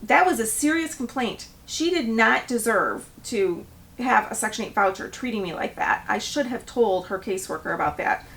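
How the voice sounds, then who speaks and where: Woman, middle-aged, storytime vlog, high voice, a little distant from the mic. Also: normal speed. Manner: animated storytelling, acts out quoted voices. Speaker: property manager.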